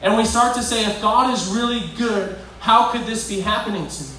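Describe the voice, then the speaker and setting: A high-voiced man preaches in a casual, provoking way and keeps asking his listeners questions. He sounds far from the mic, and the hall around him rings with heavy echo. A faint room hum sits underneath. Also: fairly quick, pushed and bright. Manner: provoking, conversational, asks the crowd questions. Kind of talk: sermon to young people.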